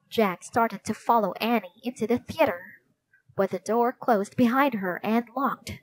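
A woman reads a children's storybook aloud in a slightly high voice. Her pace is slow and unhurried, with clear, expressive delivery. The recording is dry and close to the mic. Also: dry recording. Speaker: audiobook narrator. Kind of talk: scripted storybook narration.

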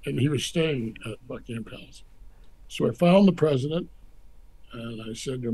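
A man's voice: mid-range voice, normal speed, husky, low-quality recording. An older American man, a former ambassador, telling anecdotes in an interview and acting out the people he quotes. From United States. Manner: animated storyteller acting out quotes.

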